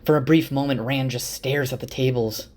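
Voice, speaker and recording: A man's voice: medium pitch, steady tone, normal speed, a little mellow. A man giving a casual spoken summary of a fantasy novel, conversational, with restarts and fillers. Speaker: storyteller.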